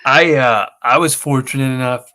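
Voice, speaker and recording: A man's voice: medium pitch, moderate pace, bright, forceful tone. A man co-hosting a podcast in casual chat, rambling through a story and acting out what his friends said. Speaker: podcast co-host.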